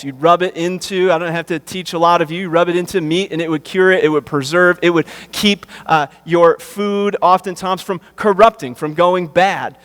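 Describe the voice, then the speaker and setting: A man pastor preaching a sermon, slowing down and rising to stress key phrases, with relaxed conversational asides in between. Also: sits high, big-room sound. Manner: emphatic preaching, slows and rises on key phrases; conversational asides with fillers and repeats. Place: church sanctuary.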